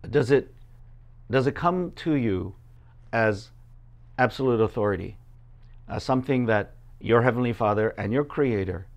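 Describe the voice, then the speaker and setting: Conversational preacher man, filler-heavy. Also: mid-range voice. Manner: conversational, many fillers, acts out quoted voices. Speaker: pastor. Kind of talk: sermon with scripture reading.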